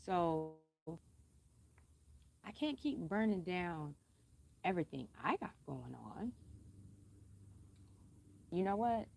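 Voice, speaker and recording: A woman vlogging in a casual, blunt way, cussing freely and speaking pointedly with emphatic repetition, keeping her voice calm and unraised. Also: slow, creaky, long pauses, slight background noise. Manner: says she is a singer who keeps her voice calm and low-key. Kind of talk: casual personal talk to camera.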